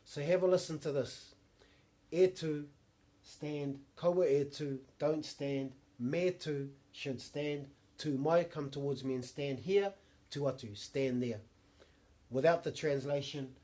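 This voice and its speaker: Mellow-voiced New man teaching. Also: medium pitch. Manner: patient, models phrases slowly and repeats them. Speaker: language teacher. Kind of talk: spoken language lesson.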